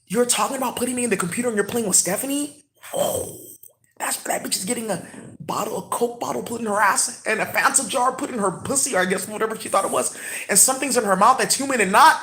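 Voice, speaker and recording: Rambling woman, whispering then shouting. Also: medium pitch, fairly quick. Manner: swings between hushed whispers and loud excited outbursts. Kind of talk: rambling monologue.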